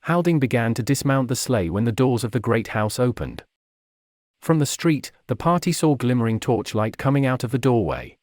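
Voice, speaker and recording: A man reading a fantasy story aloud in a steady, measured way. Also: mid-range voice, no room sound, clean studio sound. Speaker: narrator. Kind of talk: storybook narration.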